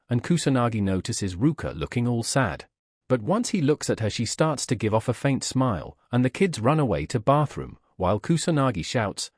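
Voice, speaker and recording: A man's voice: medium pitch, very animated, moderate pace, husky, dry recording, studio quality. A man reading a scripted recap of a comic story in a matter-of-fact way. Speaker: recap narrator.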